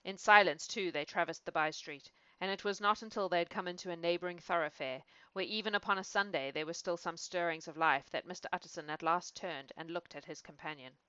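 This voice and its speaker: A woman reads a classic novel aloud in a fairly low voice, with chatty, self-amused asides. The recording is close and dry, with a slightly dull tone. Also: fairly quick, few pauses, bright, forceful tone, clean tone, no echo. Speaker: reader. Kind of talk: storybook reading with casual asides.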